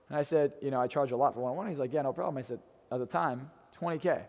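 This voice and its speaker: A man's voice: mid-range voice, racing, gravelly, darkish tone, big-room sound, lo-fi sound. A young man in his twenties telling a brash, swearing personal story to an audience in a hotel event room. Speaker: motivational speaker.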